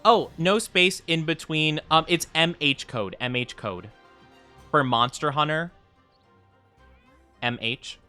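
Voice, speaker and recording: A man's voice: on the high side, takes it slowly, pauses often, pushed and bright, clean tone, faint music behind. A man chatting casually and playfully while streaming a game, rambling and laughing often. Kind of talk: casual live-stream chat while gaming.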